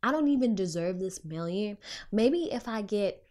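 A young adult woman, a clinician who works with children, telling a personal story to her viewers in a lively, expressive way, her pitch jumping around and her speech full of fillers like "you know". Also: normal speed. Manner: animated, swinging pitch, filler-heavy retelling.

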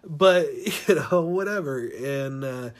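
A man's voice: fairly high pitch, slow. A man in his thirties hosting a talk show, telling a personal dating story in a crude, rambling way, full of profanity and laughing at his own tale.

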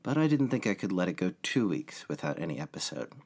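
A man hosting a history podcast, narrating from a script in a deep voice worn by a cold, with a measured, steady delivery. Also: gravelly. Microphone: home recording edited in a laptop audio program.

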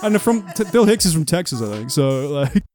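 A man's voice: a little high, big pitch swings, fairly quick, darkish tone, soft background music. Rambling English man, casual chat. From England. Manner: rambling, self-mocking, laughs often. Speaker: podcast co-host.

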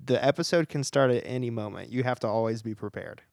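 A man's voice: medium pitch, fast, gravelly, darkish tone, dry recording, studio quality. A man co-hosting a podcast, teasing his partner in casual banter. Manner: teasing, playful. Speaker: podcast co-host.

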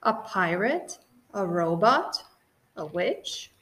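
A woman's voice: lowish voice, big pitch swings, slow pace, a bit bright, exaggerated voice. A woman voicing a cheerful, formal middle-aged husband in a children's audiobook, with a hearty, politely formal manner.

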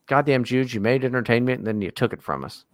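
A man's voice: medium pitch, fast, no room sound. A man co-hosting a podcast, ranting in a casual, profane and exasperated way. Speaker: podcast co-host.

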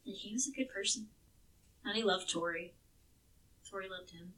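A woman's voice: medium pitch, normal speed, sharp tone, distant mic, rough recording. A woman co-hosting a podcast, telling a true crime case in a casual, chatty way with some swearing. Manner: chatty, swearing, restarts words.

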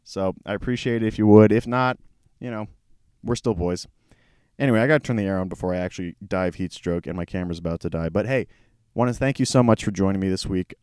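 A man hosting a casual solo podcast, tired and low on energy, rambling with lots of swearing and self-deprecating asides. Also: fast, darkish tone, clear, resonant tone, dry recording, studio quality. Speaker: podcast host. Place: small hot room at home. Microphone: camera mic.

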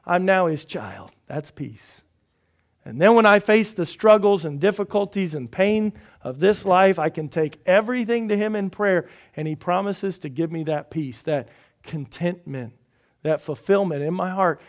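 High-voiced pastor swinging loud to hushed. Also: male voice, expressive, measured pace. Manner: swings between loud emphatic lines and soft, hushed drops; acts out listeners' objections in a raised voice. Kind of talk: sermon.

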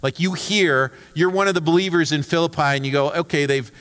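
A man's voice: fairly high pitch, brisk, a bit bright. A man preaching a conversational sermon as a pastor, talking casually and often restarting his words. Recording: long hall reverb.

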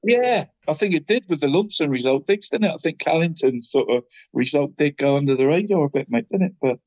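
A man's voice: on the high side, animated, a little fast, darkish tone, no echo, lo-fi sound. A middle-aged man co-hosting a football show, rambling and putting "mate" after every phrase. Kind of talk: casual football chat.

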